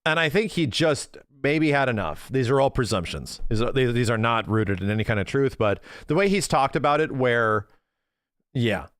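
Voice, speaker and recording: Excitable male streamer, dry close sound. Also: medium pitch, normal speed, clean tone, no room sound. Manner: excitable, talks to his chat, laughs easily. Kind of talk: casual live-stream chat.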